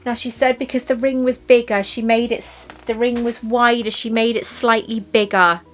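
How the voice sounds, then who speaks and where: A woman's voice: fairly high pitch, fairly even intonation, moderate pace, fairly bright tone, soft background music. A woman chatting to her camera as she unboxes jewellery, gushing and emotional. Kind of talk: casual unboxing chat.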